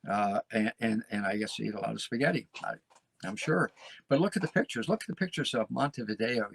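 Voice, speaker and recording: A man's voice: medium pitch, vocal fry, slightly rough, no room sound. A male host giving a folksy, emphatic monologue, often repeating phrases and tagging lines with "okay?". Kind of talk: casual talk show monologue.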